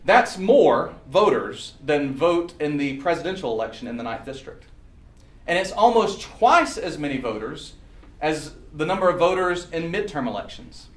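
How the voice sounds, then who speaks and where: A man's voice: a little high, very animated, normal speed. Earnest man giving a campaign speech. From Southern US. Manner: earnest, pleading, storytelling. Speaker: political candidate. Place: meeting room. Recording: echoey room, mic far off.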